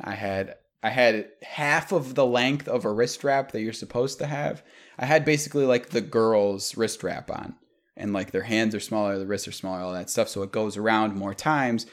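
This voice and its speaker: A young man telling stories in a casual, profane chat with a friend. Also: lowish voice. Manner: profane, animated storyteller.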